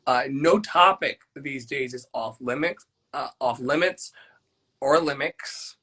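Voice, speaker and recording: A man's voice: medium pitch, slow, pushed and bright, slightly rough, low-quality recording. A man co-hosting an online talk show, talking earnestly and reflectively with frequent restarts. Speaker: co-host. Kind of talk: reflective casual chat.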